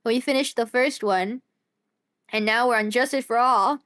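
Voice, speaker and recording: A young woman streamer giving casual live game commentary, excitable with loud exasperated outbursts. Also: on the high side, normal speed, clear, resonant tone.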